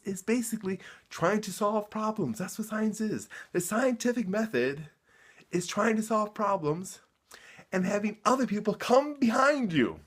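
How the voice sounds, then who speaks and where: A man's voice: high-pitched, fairly bright tone, husky. Fired-up man ranting to camera. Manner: worked up, emphatic, repeats himself when heated; sarcastic. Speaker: vlogger. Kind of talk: heated rant to camera.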